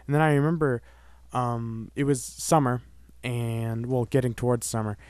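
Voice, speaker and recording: A young man tells a story straight to his viewers in a loose, rambling way, leaning on "like" and "you know". His voice sits at an everyday middle pitch, and his delivery stays casual and chatty. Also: fairly even intonation, normal speed, a little mellow, smooth, no echo. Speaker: vlogger.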